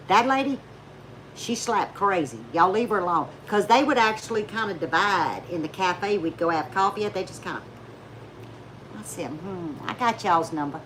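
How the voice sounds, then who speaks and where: In a mid-range voice at normal speed, with a little hiss or hum on the recording, a woman shares folksy tales with her YouTube audience. She's chatty, laughs a lot, and imitates the people in her stories.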